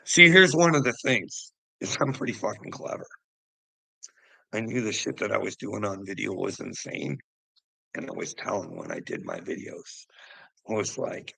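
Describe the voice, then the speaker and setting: A man's voice: on the low side, very animated, normal speed, pushed and bright, dry recording, poor audio. A man telling a personal story to camera in a rambling, profane way, often laughing as he goes. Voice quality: gravelly. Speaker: vlogger.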